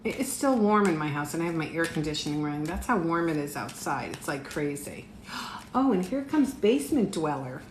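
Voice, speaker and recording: A woman's voice: low-pitched, big pitch swings, a little fast. A middle-aged woman giving a casual live tarot reading from her home, chatting with her viewers and laughing often. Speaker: tarot reader. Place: home room. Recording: echoey room, faint noise.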